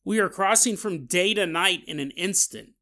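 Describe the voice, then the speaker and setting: Bright-voiced joking podcast host. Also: male voice, high voice, normal speed. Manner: joking, animated, laughing asides. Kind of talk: comedic storytelling.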